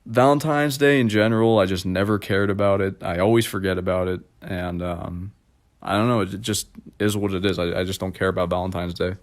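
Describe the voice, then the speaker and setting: A man's voice: deep voice, steady tone, fairly quick. A young adult man rambling self-deprecatingly in a casual vlog monologue. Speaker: vlogger.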